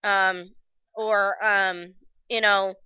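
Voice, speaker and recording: A woman vlogger recounting a personal story in a halting, reflective way, with frequent restarts and fillers. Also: medium pitch, little pitch movement, clean tone, no echo, muffled recording.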